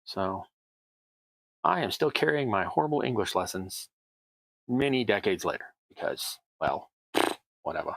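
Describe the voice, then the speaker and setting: A man's voice: fairly low pitch, very animated, normal speed, creaky, long pauses, fairly bright tone, dry recording, rough recording. A middle-aged man with a Southern American accent chatting casually through a hobby crafting tutorial, rambling with self-deprecating asides. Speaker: host, terrain crafter.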